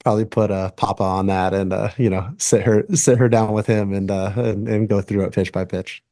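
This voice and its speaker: A man in his thirties, a pitcher answering reporters at a press conference, halting with many fillers and restarts. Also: fairly even intonation, mellow, no room sound, clean studio sound. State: tearing up. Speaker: baseball pitcher.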